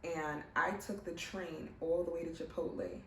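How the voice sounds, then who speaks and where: A young pregnant woman telling her own story in a casual, animated way, putting on other people's voices as she goes. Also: fairly low pitch, moderate pace, a little hiss or hum. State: heavily pregnant. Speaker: vlogger. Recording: roomy, mic at a distance, faint ambience.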